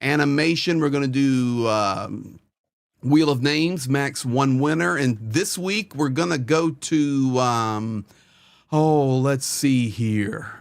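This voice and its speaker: A man's voice: mid-range voice, takes it slowly, gravelly, no room sound, clean studio sound. A man hosting a live stream, earnestly rattling off names and donation amounts.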